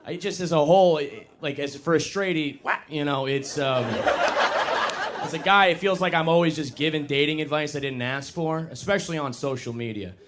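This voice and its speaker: A young man doing a stand-up comedy set on a club stage, self-mocking and animated, jumping into loud put-on voices. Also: a little high, moderate pace, background noise.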